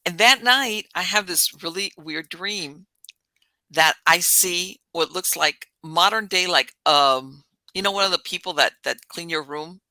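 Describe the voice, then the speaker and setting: A woman podcast host telling a story in a casual, animated way, laughing as she talks. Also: on the low side, unhurried, no room sound.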